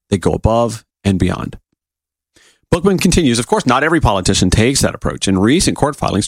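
Animated male political talk host. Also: medium pitch, no room sound. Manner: animated, asks rhetorical questions. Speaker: radio talk show host. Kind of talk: political commentary, reading quotes.

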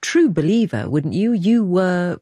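Woman, interviewer, pointed follow-ups, very low voice, dry sound. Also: lively intonation, a little slow, warm tone, dry recording. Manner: pointed, pressing follow-up questions. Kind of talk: probing interview questions.

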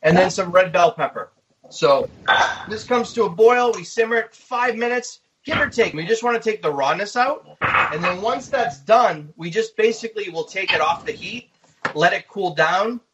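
A man, a guest chef, giving a relaxed step-by-step cooking demonstration. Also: high voice, moderate pace, lo-fi sound, noisy background. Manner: easygoing, step-by-step explaining.

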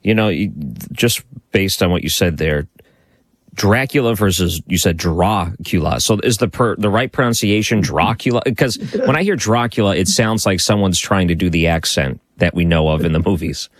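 A man's voice: deep voice, normal speed, dry recording. A man hosting an interview, asking curious follow-up questions. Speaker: host.

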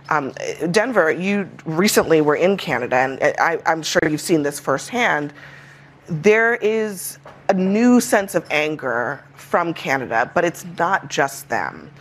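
A woman hosting a political panel discussion, briskly leading questions. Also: sits low. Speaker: host.

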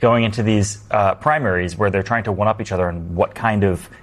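A man's voice: lowish voice, a little fast. A man on a political panel talking in a wry, joking way. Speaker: satirical commentator. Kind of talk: panel discussion.

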